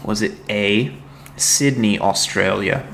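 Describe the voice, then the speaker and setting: Male quizmaster, lowish voice, deadpan teasing delivery, faint background noise. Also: gravelly. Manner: dry, teasing, reads questions slowly. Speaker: co-host and trivia quizmaster. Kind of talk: casual podcast chat, reading trivia.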